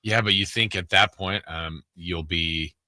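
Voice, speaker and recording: A man co-hosting sports talk radio, chiming in with quick comments and jokes. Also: low-pitched, steady tone, bright, forceful tone, no room sound. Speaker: radio co-host. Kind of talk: casual talk radio chat.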